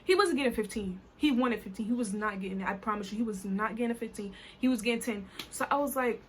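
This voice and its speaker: High-voiced woman telling an animated story. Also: quick pace, hardly any pauses, a little hiss or hum. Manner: animated, colloquial, lots of "I was like". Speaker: vlogger. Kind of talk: casual story time.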